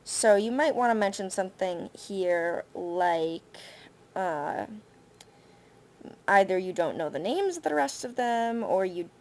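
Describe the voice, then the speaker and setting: A woman Spanish teacher, recording patient spoken feedback on a student's essay, thinking aloud with frequent pauses and fillers. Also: medium pitch. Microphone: computer mic for screen recording.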